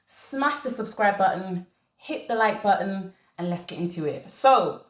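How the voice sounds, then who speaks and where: Animated woman host in an echoey room. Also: mid-range voice, measured pace, slight background noise. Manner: animated, laughing, emphatic repetition. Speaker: commentary channel host. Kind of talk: casual commentary to camera.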